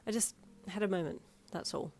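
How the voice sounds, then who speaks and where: A woman's voice: medium pitch, a little fast, darkish tone, close to an everyday voice. Woman doing a young woman, emotional, quivering, sassy, second-person fanfic. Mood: resolute. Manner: quivering, tearful, then sassy.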